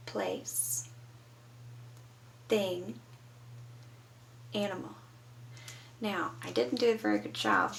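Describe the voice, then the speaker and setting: Slow gravelly woman teaching small kids. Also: mid-range voice, fairly bright tone, distant mic, a little hiss or hum, poor audio. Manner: patient, prompting young children to answer. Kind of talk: children's lesson. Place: home.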